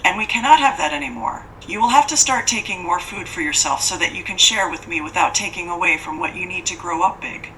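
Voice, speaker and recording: A cold, formal lady who means to fatten up a child and eat her, as a woman narrator puts her on, every sentence prim and stiff. The voice is low-set but bright and keen. It sits back from the mic, with a faint hiss underneath. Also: brisk, few pauses, distant mic, poor audio.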